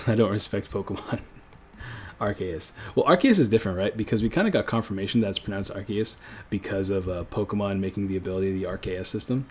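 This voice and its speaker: Quick-paced and breathy-edged, this streamer's voice is fairly low and darkish. He comes from a French-speaking country and chats casually on his livestream, rambling, self-correcting, and chuckling frequently.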